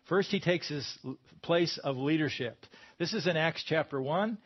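A man preaching a sermon, his voice a little higher than most men's. He talks to his listeners in a conversational, searching way and grows emphatic when he quotes scripture. The sound is somewhat dull and lo-fi. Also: normal speed, husky. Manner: conversational, rises to emphatic bursts when quoting.

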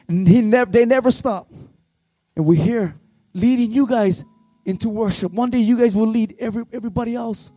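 High-voiced fervent preacher man. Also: normal speed, pauses often, no room sound, soft background music. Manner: fervent, pleading, swings between shouting and hushed tones. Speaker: worship leader. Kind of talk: impassioned youth revival sermon.

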